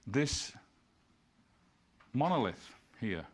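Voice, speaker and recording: A man's voice: medium pitch, sing-song, extremely slow. A man gives an illustrated lecture in a mid-range voice. He moves from slide to slide, pointing out details. Now and then he reads passages aloud. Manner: explains slide by slide, pointing things out.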